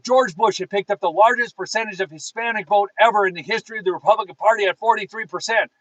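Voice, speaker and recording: A man's voice: high-pitched, dry recording, rough recording. A man hosting a live political show from his car, fired up and preachy, talking straight to his viewers and reading their chat. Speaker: political talk show host.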